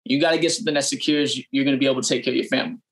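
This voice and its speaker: Rapid-fire and fairly even in intonation, this young adult man's medium-pitched voice has a slightly bright edge. He's a barber sharing his story in a casual interview, earnest and packed with fillers and restarts.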